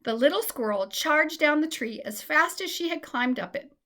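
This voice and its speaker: A woman narrates a children's story with a gentle, expressive delivery. Her voice sits a little high for a woman, and her reading is clear and steady. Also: moderate pace.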